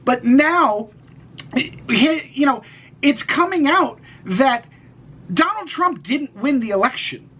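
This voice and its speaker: A man's voice: very high voice, expressive, takes it slowly, pushed and bright, poor audio. A man co-hosting a casual political podcast, rambling with many restarts and the odd swear word. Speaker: podcast co-host.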